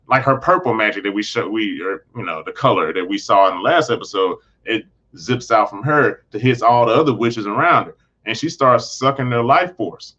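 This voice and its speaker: A man's voice: medium pitch, pushed and bright. Male host for a loose, chatty show recap, mid-range voice, restarts often, slightly muffled recording. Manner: rambling, frequent restarts and self-corrections. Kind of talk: casual TV episode recap.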